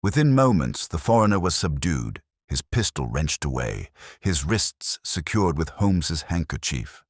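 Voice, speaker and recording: A man narrating a detective story in a measured, dramatic storytelling manner. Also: a bass voice, big pitch swings, breathy edge, no room sound, studio quality. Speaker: audiobook narrator. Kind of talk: scripted narration.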